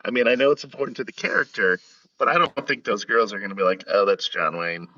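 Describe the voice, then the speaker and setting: A man's voice: mid-range voice, quick pace, pushed and bright, breathy edge, no echo, far from the mic, lo-fi sound. A man co-hosting a film podcast, offering short, wry, skeptical comments. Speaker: podcast co-host. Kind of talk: casual film discussion.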